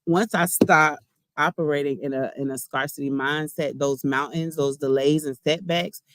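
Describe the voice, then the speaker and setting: A woman's voice: deep voice, fairly even intonation, moderate pace, fairly bright tone, dry recording. Brief: woman, chatty spiritual card reader, slangy, addresses viewers directly, dry close sound. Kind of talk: casual spiritual card-reading chat.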